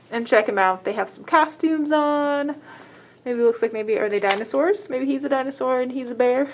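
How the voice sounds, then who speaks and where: A woman librarian reading a picture book aloud to children, dramatic in the exciting parts and stopping to ask the listeners questions. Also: sits high, moderate pace, slight background noise. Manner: expressive, dramatic exclamations, asks children questions.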